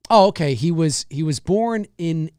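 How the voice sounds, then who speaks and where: A man's voice: expressive, a little mellow, clear, resonant tone, no room sound, studio quality. A man hosting a live-streamed talk show, chatting casually and reading viewer comments, rambling with many restarts and repeated phrases. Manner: drops into low, slow impressions and squeaky high mimicry.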